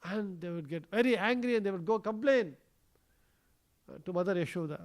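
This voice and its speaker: A man's voice: high-pitched, animated, a little fast, pauses often. A man giving a scripture class in a temple, telling the story in a conversational way, with many fillers. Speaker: temple speaker. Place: temple hall.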